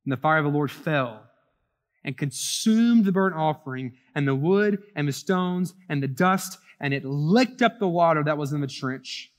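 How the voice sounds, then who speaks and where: Dramatic high-voiced male preacher in a hall. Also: animated, normal speed. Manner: dramatic, swings from loud to hushed. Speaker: pastor. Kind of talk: sermon reading and explaining scripture.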